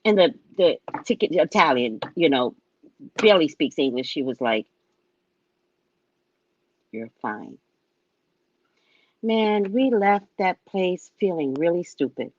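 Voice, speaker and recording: A woman hosting her show, casually telling a funny travel story, animated and acting out what people said, often asking "right?". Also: fairly low pitch, moderate pace, dull audio, slight background noise. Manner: animated, acts out other people's lines; frequent tag question "right?". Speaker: show host and psychic reader.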